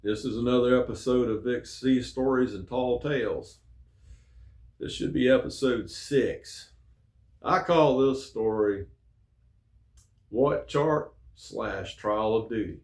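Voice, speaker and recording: A man's voice: mid-range voice, takes it slowly, a little mellow. A middle-aged man, host of his own show, telling a rambling personal story in a folksy, casual way with many fillers. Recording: echoey room.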